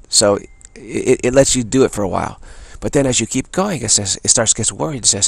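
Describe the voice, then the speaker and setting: A man giving an earnest spiritual teaching talk, repeating phrases and softly chanting a mantra. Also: lowish voice, a little fast, vocal fry, hardly any pauses, dry recording.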